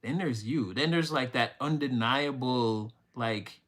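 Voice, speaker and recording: A young man reads tarot live to his viewers in a loose, rambling way, cursing casually and getting openly emotional as he goes. His voice sits at an everyday middle pitch. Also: takes it slowly, a bit bright. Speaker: tarot reader. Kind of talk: live-streamed tarot reading.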